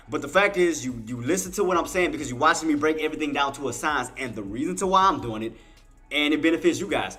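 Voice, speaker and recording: Excitable bright-voiced man calling trades. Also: a little high, fast talker, faint music behind. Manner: excitable, emphatic, repeats himself; turns tearful and heartfelt thanking viewers. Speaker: livestream day-trading host. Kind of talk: live market commentary to chat.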